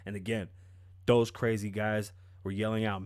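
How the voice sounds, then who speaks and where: A man's voice: lowish voice, little pitch movement, normal speed, no echo, clean studio sound. A man giving profane, sarcastic commentary on a news story. He mocks the story and fires off rhetorical questions. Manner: mocking, rhetorical questions, breaks off to laugh. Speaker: commentary vlogger.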